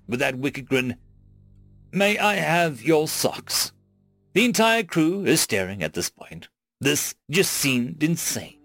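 A man reading a humorous science fiction story aloud in a wry, expressive storytelling manner. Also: on the high side, gravelly, dry recording. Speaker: story narrator. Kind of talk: scripted narration.

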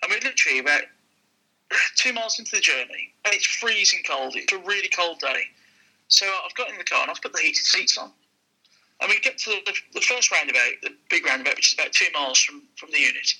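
Bright husky-voiced man telling stories. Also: fairly high pitch, fast talker, poor audio. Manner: lively, acts out the people in his stories. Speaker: used car dealer, guest. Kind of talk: casual storytelling anecdote.

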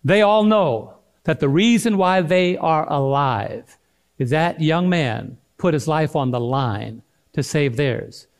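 A middle-aged male pastor preaching a sermon, swinging between loud and hushed delivery and calling out to the congregation. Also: a little high, expressive, slow pace.

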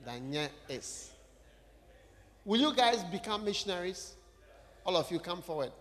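A man's voice: sits high, brisk, a bit bright. Man preaching in an echoey church. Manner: conversational, questions the congregation directly. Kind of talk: sermon. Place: church hall.

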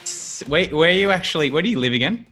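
Bright, chatty podcast host. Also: male voice, fairly high pitch, expressive, quick pace, soft background music. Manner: chatty and upbeat, with many fillers. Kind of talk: casual podcast interview.

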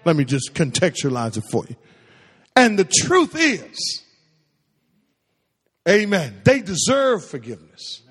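A man's voice: high-pitched, wildly swooping pitch, slow pace, pauses often, a bit bright, breathy edge. A man preaching a sermon in a church sanctuary, using call-and-response and repeating phrases for emphasis. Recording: echoey hall with long reverb.

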